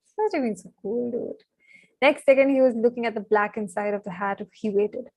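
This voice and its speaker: A young woman reading a novel aloud on a live stream. She is excitable and chatty, breaking off often with fillers and apologies. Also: a little high, fairly quick, dry recording, rough recording. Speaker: live-stream book reader.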